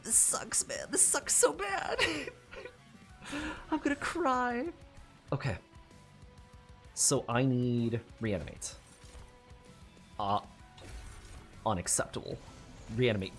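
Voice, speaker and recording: A man giving casual let's-play commentary on a card game, swearing often and laughing at his own mistakes in frustration. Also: mid-range voice. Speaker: gamer playing a card game.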